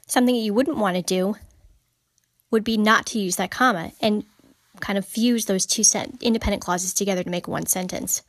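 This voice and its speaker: A woman with a medium-pitched voice talks fairly fast as she hosts a writing podcast. In an informal monologue, she explains grammar emphatically and keeps repeating key points, with no echo in the audio.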